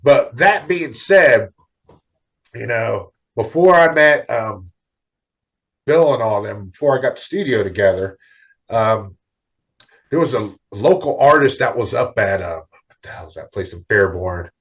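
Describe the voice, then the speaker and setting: A man's voice: medium pitch, unhurried, pauses often, muffled recording. A middle-aged man, a comic book artist, telling stories in a casual interview and acting out what others said. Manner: animated, acts out other people's lines.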